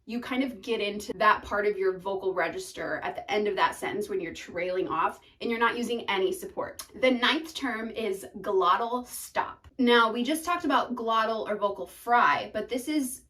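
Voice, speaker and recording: A woman's voice: mid-range voice, normal speed, hardly any pauses, a bit bright, distant mic, low-quality recording. A young woman teaching singing terms in a chatty, upbeat way, breaking into short sung notes as examples.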